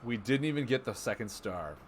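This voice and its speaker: Male live streamer, mid-pitched, jumpy commentary on card plays, pokes fun at himself, faint background noise. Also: a little fast. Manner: excitable, self-mocking, thinks aloud.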